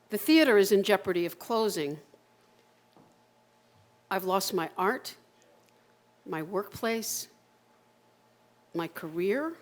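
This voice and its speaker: A woman in her sixties, with a mid-range voice, performs an autobiographical one-woman monologue live at a community center. Her delivery is raw and emotional, marked by halting repetitions and sudden bursts of swearing.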